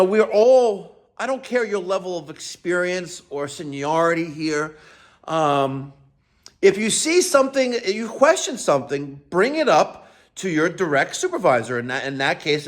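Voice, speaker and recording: A middle-aged man from New York who owns a plumbing business, talking unscripted with lots of fillers and self-corrections. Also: a little high. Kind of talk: unscripted video talk.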